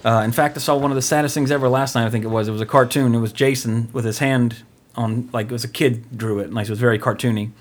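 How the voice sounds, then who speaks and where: A man hosts a podcast in loose, casual chat. He rambles along with offhand jokes, his pitch sitting in the middle. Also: steady tone, fast. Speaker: podcast host.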